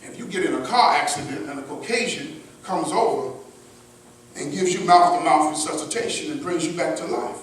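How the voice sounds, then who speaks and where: A man preaching a sermon as minister, shifting between loud emphatic lines and soft asides, with a crowd answering back. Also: on the high side, normal speed, slight background noise. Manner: preaching with sudden shouts and hushed asides. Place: large mosque hall. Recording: echoey hall, mic at a distance. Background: responsive crowd.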